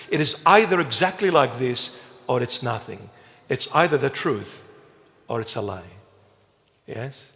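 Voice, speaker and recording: A man preaching a sermon as a bishop, emphatic and slow, with playful asides to the congregation. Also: medium pitch, animated, creaky, a bit bright. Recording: long reverb of a large hall.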